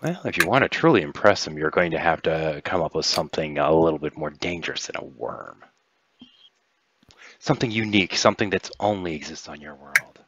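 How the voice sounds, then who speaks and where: Deep-voiced man running a tabletop game. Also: lively intonation, brisk, lo-fi sound, noisy background. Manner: narrates, then voices characters in quotes. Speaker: game master.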